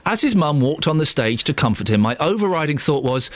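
A man hosting a radio phone-in, talking in a playful, teasing way with quick asides. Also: a little high, big pitch swings, fairly bright tone. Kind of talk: breezy radio phone-in chat.

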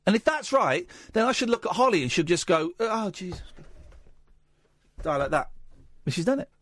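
A man's voice: sits high, sing-song, fast talker, a bit bright, no room sound. A man hosting late-night radio, playful and jokey, talking into a studio microphone. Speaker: radio host.

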